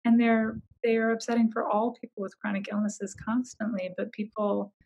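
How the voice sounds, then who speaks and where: A woman's voice: on the high side, little pitch movement, normal speed, darkish tone, muffled recording, a little hiss or hum. A young woman telling her story in casual conversation, chatty and full of fillers, laughing often.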